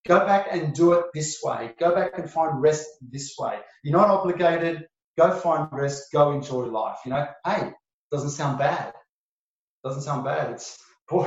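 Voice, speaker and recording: A man's voice: on the high side, heavy reverb, recorded from a distance, highs cut off. A man preaching a sermon as pastor, emphatic and repeating his key phrases for weight.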